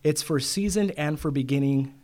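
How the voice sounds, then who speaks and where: A man's voice: fairly high pitch, normal speed, darkish tone. A middle-aged man, a loan broker, telling stories in a casual interview and quoting others with "he goes.".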